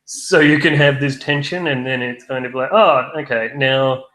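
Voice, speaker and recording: A man's voice: medium pitch, steady tone, moderate pace, a bit bright. Wry rambling man, echoey room. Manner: rambling, wry, many fillers and restarts. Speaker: film review podcast co-host. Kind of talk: casual chat. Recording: roomy echo.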